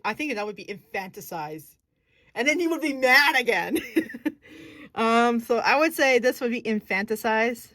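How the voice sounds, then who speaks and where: A woman's voice: on the high side, animated, normal speed, fairly bright tone, dry recording. A woman casually explaining her acting technique. She thinks aloud, searches for words and corrects herself as she goes. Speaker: acting student.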